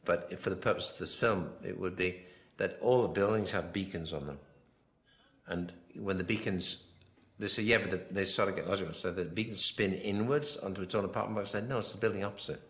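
A film director giving a rambling commentary, full of anecdotes, often quoting himself and others. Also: male voice, low voice, fairly quick, a bit bright.

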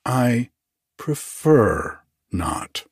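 Man voicing a pale quiet clerk who just won't budge, soft and slow, husky low storybook voice. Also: very animated, dry recording, studio quality, full character voice. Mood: mild refusal. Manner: mild, slow, quietly unyielding. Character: pale, meek, stubbornly passive male scrivener.

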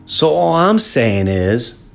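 A man's voice: medium pitch, very animated, slow pace, creaky, fairly bright tone, soft background music. A middle-aged man hosting a podcast, talking through an impassioned, preachy solo monologue. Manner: impassioned, preachy rant with emphatic swings. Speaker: podcast host.

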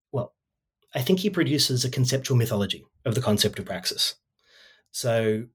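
A man with a husky voice explains a dense argument at a quick clip. He stays loose and conversational, padding his points with "you know" and "like" and restarting his sentences, as an author going over his book. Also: medium pitch. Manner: discursive, many fillers like "you know" and "like". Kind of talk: casual academic explanation.

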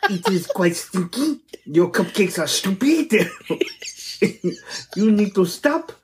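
A man's voice: high-pitched, animated, slow, darkish tone, slight background noise. A man co-hosting a podcast, joking and teasing in casual banter with a mock-stubborn streak. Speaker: podcast co-host.

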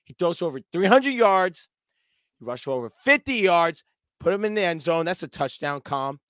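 A man co-hosting a sports podcast in casual chat, animated and boisterous, swearing and acting out plays with sound effects. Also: sits high, normal speed, no echo. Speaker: podcast co-host.

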